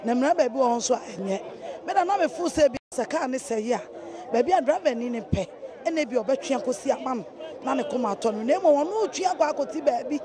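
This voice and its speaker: An indignant Ghanaian woman with a high voice speaks emphatically in a street interview. A crowd is clearly audible behind her at the outdoor station. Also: animated, a little fast. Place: busy outdoor lorry station.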